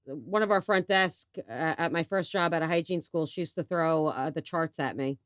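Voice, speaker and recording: A woman's voice: deep voice, moderate pace, smooth, no echo, clean studio sound. A woman in her forties from New York, co-hosting a casual podcast chat, telling stories animatedly, acting out quotes and swearing freely. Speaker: podcast co-host.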